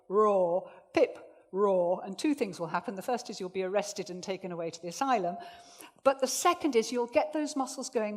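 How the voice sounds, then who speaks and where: A woman running a presentation skills workshop for a live audience, jokey and lively, swinging her voice up and down to make her points. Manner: lively, jokey, swings pitch widely for demonstration. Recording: echoey hall reverb.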